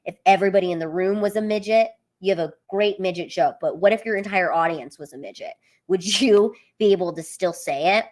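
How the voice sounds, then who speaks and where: A woman's voice: medium pitch, brisk, darkish tone. A young woman comedian chatting casually on a live stream, full of fillers and reading out viewer comments.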